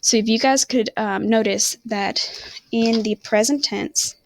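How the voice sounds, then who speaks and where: Speaking a little slowly with a steady tone, a woman teaches a recorded online Spanish lesson, rambling, apologizing, and frequently correcting herself. Her voice runs on the high side and sounds creaky, with a little hiss or hum in the background.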